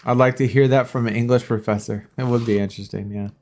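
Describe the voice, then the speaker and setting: Speaking fast in a mid-range, somewhat mellow voice with fairly even intonation, a man hosts a mobile-game stream. He wanders from topic to topic, pushes back at his chat, and drops occasional swear words.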